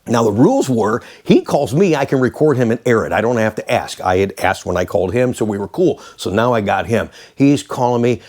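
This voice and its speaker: A man, a former radio DJ, casually telling stories to the camera, animated and quick to laugh. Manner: animated, mimics callers in high voices, laughs often.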